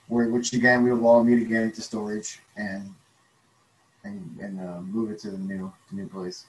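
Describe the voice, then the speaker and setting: Man, mid-pitched, rambling casual co-host, roomy echo. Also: little pitch movement, darkish tone. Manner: easygoing, rambling, halting. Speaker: podcast co-host. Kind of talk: casual chat.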